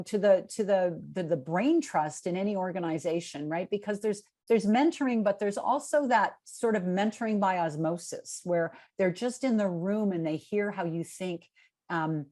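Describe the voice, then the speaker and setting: A middle-aged woman answering questions on a video call, telling stories in a relaxed way with many fillers and restarts. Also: medium pitch. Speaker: keynote speaker.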